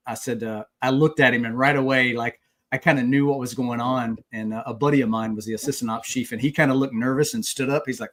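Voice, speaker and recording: A man's voice: mid-range voice, fast talker. A man in his forties, a retired Marine guest, telling stories in casual conversation with frequent fillers. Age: 40s. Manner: relaxed storyteller with frequent "uh" fillers.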